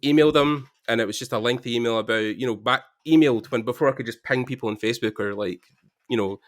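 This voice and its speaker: A man's voice: mid-range voice, fast. A Scottish man chatting casually on a podcast, rambling with lots of fillers. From Scotland. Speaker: 3D artist guest.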